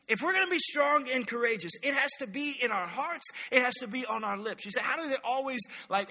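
A man preaching a sermon as a pastor, telling stories with animated energy and acting out the voices he quotes. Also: high-pitched, big-room sound.

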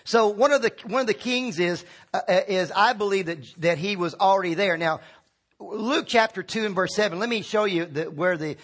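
Male pastor, higher voice, conversational sermon with acted-out asides. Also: normal speed, fairly bright tone. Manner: conversational preaching with restarts and acted-out quotes.

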